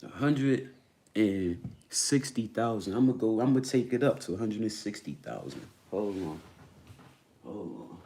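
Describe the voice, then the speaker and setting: A man's voice: fairly low pitch, big pitch swings, a little slow, dark tone. A man talking straight to the camera about his home, emphatic and profane, repeating phrases to drive home each point. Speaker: homeowner vlogger. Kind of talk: casual ranting monologue.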